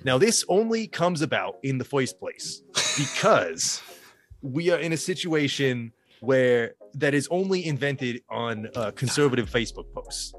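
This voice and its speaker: A man's voice: mid-range voice, big pitch swings, unhurried, soft background music. A man co-hosting a comedy podcast, recapping a movie in a sarcastic, loose way, with a lot of swearing and filler. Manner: sarcastic, swears freely, many filler ums. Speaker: podcast co-host. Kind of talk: casual comedic movie-review chat.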